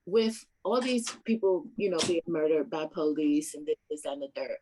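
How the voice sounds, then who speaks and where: A woman co-hosting a podcast, putting questions to the others in a soft-spoken, casual way. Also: lowish voice, normal speed, few pauses, low-quality recording. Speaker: podcast co-host. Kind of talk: casual chat.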